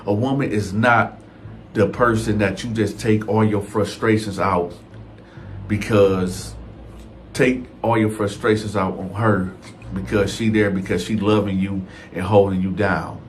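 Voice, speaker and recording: In a fairly low voice with mostly even intonation, a man unhurriedly recounts a prison story over a little hiss or hum. He keeps it conversational and full of slang, addressing his audience directly as y'all.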